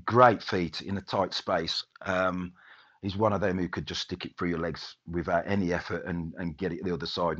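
A man, a former footballer, reminiscing casually in a rambling way with many restarts. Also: low voice. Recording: dull lo-fi sound.

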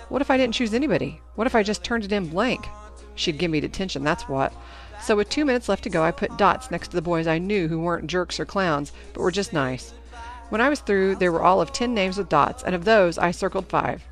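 A woman reading a novel aloud in first-person narration, with an even storytelling delivery. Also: fairly low pitch, brisk, faint music behind. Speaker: audiobook narrator.

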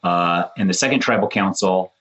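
A man in his thirties, co-hosting a casual chat and acting out quotes with animated shifts in voice. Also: deep voice, normal speed, rough recording. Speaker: podcast co-host, former contestant.

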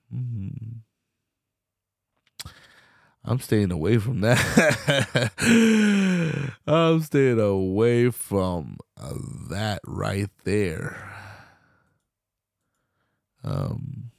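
Brief: young male podcast host, gravelly low voice, loose profane rambling, dry close sound. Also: sing-song, drawn-out words, long pauses, dry recording. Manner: loose, swearing, slangy rambling with laughs. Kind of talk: casual solo commentary.

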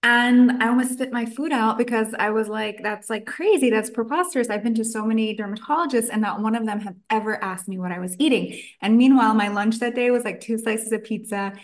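A woman's voice: on the high side, fairly even intonation, a little fast, hardly any pauses. A woman nutritionist, a guest on a podcast interview, telling her story in a chatty way with quoted asides. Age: adult, past college.

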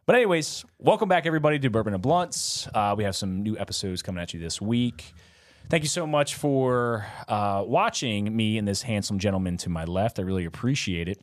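Animated, rambling male podcast host. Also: on the low side, fairly quick, no echo, clean studio sound. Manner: rambling, self-mocking, fillers and laughs. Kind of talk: casual chat.

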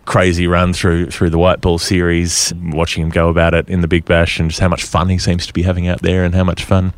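A man's voice: sits low, monotone, brisk. A man co-hosting a cricket podcast, talking in a ranting, sardonic and jokey way. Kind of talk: casual chat.

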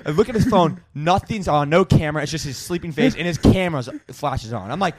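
Young male podcast co-host, high and very lively, casual storyteller. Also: fairly quick, background noise. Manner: animated storytelling, swearing, acts out roommates. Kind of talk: casual chat.

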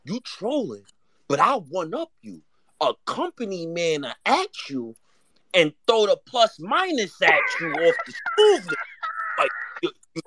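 Excitable teasing man, swinging pitch. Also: noisy background. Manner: excitable, teasing, quick bursts. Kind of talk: heated sports chat.

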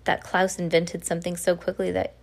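A woman's voice: on the low side, monotone, fairly quick, creaky. A woman reading aloud, voicing an earnest, resourceful teenage girl in a children's novel. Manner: earnest and quiet.

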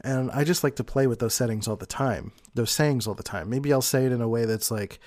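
A man's voice: medium pitch, fairly quick, no room sound. Rambling man in a dry room. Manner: rambling, with frequent "like" and soft laughs. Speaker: personality type commentator. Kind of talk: casual explanatory monologue.

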